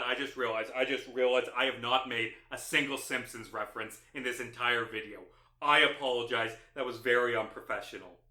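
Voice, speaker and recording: A man's voice: a little high, pushed and bright, echoey room. A man narrating a sarcastic video essay, exasperated and mocking as he picks apart a film.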